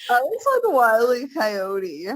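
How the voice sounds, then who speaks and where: A woman from the American South co-hosting a casual podcast, animated and playful, with a casual curse now and then. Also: a little high, unhurried, no echo, poor audio. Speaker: podcast co-host. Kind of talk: casual chat.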